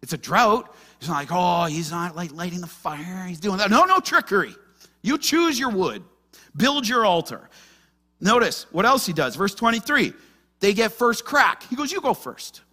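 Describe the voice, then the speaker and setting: A man preaching an expository sermon as pastor, animated and acting out the voices in the story. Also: sits high, moderate pace. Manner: animated, acts out quoted voices.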